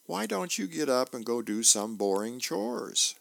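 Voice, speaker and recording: A man's voice: mid-range voice, very animated, unhurried, creaky, fairly bright tone, full character voice. A man reading the lines of a fed-up middle-aged wife from a comic strip in his own voice.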